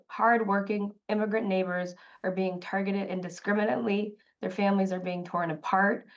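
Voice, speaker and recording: A woman city council member speaks in a live news interview, impassioned and emphatic, pressing her points with repeated phrases. Her voice sits at a middle pitch and carries some emotion. The remote audio sounds a little dull.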